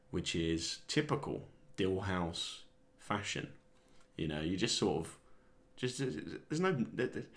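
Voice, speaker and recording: A man with a very low, deep voice talks through a wandering comic monologue. He is sardonic and self-deprecating, and he chuckles at his own jokes between the tangents. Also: fairly bright tone. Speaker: comedian host. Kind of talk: rambling solo monologue.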